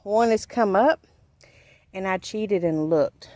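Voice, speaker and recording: A woman's voice: on the low side, steady tone, normal speed, darkish tone. A woman giving a chatty, folksy tour of her vegetable garden outdoors, talking to her viewers while filming on a handheld camera. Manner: folksy, chatty, points things out as she walks. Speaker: homestead gardening vlogger.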